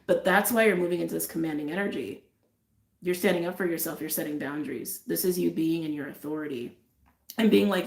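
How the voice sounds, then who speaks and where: Lower-pitched woman in a roomy echo. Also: fairly quick, creaky. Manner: effusive, repeats phrases, drifts into soft trailing asides. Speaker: tarot and astrology reader. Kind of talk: intuitive reading to camera, casual chat.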